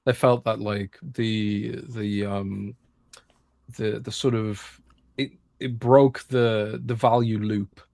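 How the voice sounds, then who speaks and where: A man's voice: lowish voice, level tone, takes it slowly, vocal fry, a little mellow, no echo, clean studio sound. A British man, a games reporter, talking casually on a podcast with lots of restarts and fillers. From Britain. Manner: hesitant, many restarts and fillers.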